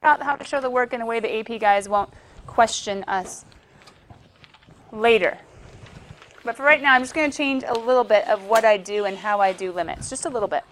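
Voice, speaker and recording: A woman's voice: on the high side, fairly quick, pauses often. A woman teaching a math class, chatty and playful, often talking to herself as she works through problems. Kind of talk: classroom lecture. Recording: faint background noise.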